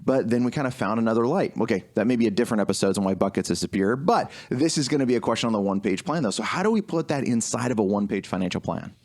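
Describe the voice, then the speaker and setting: A man's voice: fairly low pitch, animated, very fast, few pauses, a little mellow. A man co-hosting a financial advice podcast, talking in a blunt, opinionated and passionate way. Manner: opinionated, blunt and passionate, interrupts to make points. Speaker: podcast co-host, financial advisor. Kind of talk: casual business podcast chat.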